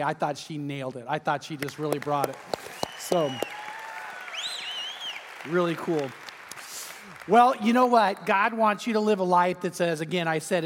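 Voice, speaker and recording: A male pastor preaches with animated storytelling and often doubles up his words. His voice sits very high for a man. The long reverb of a large hall follows every phrase. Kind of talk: sermon.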